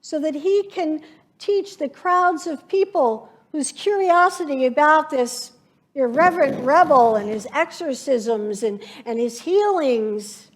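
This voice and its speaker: Woman, pastor, sermon, unhurried delivery, reflective storytelling. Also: high-pitched. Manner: slow, reflective preaching with vivid imagined scenes.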